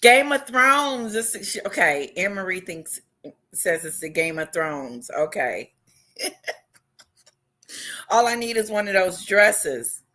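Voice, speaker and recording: Woman, livestream host, loud, excitable, unhurried, bright voice. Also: on the low side. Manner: loud and excitable, greets viewers by name. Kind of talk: casual livestream chat.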